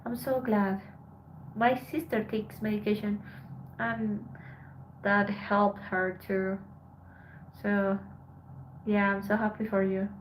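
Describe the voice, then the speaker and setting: A tired woman from Colombia, a Spanish speaker, chatting softly with her live-stream viewers as she reads their messages aloud. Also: mid-range voice, flat delivery, slow, long pauses, a little hiss or hum, low-quality recording. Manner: soft, subdued, switching between English and Spanish. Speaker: live streamer reading chat. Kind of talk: casual live-stream chat.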